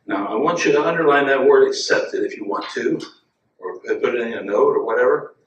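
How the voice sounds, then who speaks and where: A man preaching a sermon as a guest preacher, talking to the congregation in an easy way and rising to loud, emphatic lines. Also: mid-range voice, a little fast, a little hiss or hum. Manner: chuckles and asides to the congregation. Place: church sanctuary. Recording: echoey church room, mic at a distance.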